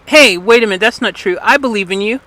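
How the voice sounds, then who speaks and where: A man's voice: sits high, fast, bright, forceful tone. A man hosting a live stream, chatting casually and rambling with lots of fillers and restarts. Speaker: stream host. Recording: noisy background hiss.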